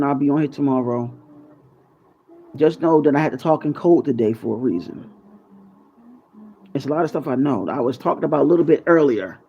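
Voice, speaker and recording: A man's voice: mid-range voice, creaky, mellow, slight background noise. Rambling, conspiratorial man on a lo-fi mic. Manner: loose, rambling, conspiratorial, curses freely. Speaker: YouTube channel host. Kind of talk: casual freestyle monologue to viewers.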